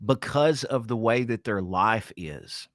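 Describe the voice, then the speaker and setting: A man's voice: lowish voice, lively intonation, slow pace, dry recording, clean studio sound. A man co-hosting a podcast, grumpy and blunt, tired from little sleep, and swearing freely in casual chat. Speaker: podcast co-host.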